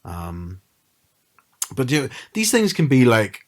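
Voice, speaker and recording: Hesitant man in his thirties, varied pitch. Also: takes it slowly. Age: 30s. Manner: relaxed, hesitant, lots of fillers. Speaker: podcast co-host. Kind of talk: casual chat.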